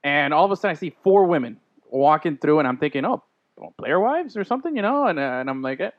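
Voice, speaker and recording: Male podcast host, quick storyteller, lo-fi sound. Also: a little high. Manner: animated storyteller, acts out quotes. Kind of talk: casual chat.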